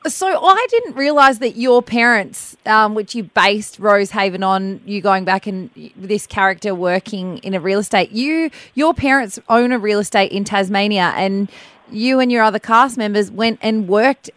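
A woman's voice: mid-range voice, normal speed, a bit bright, no room sound. Aussie radio co-host lady, chatty, laughs a lot, dry studio sound. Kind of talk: breakfast radio banter. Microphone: studio microphone.

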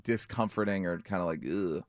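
A man's voice: lowish voice, moderate pace, no echo, studio quality. A man guest on a radio talk show, telling stories with lots of fillers and acting out quotes. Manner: animated storyteller, fillers, acts out quotes. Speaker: comedian guest. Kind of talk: casual radio chat.

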